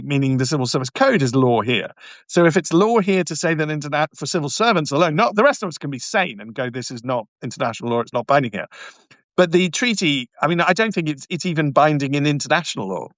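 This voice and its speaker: A man's voice: on the high side, animated, fairly quick, a bit bright, no echo. A barrister hosting a live stream, talking emphatically and often stumbling and restarting as he answers viewers' comments. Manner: mocking, sarcastic asides.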